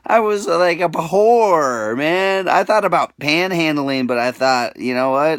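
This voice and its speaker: A man's voice: on the high side, lively intonation, unhurried, a bit bright, clear, resonant tone, dry recording, clean studio sound. A young man telling a rambling, emotional personal story, full of filler words, swinging between mumbling and crying out. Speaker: vlogger.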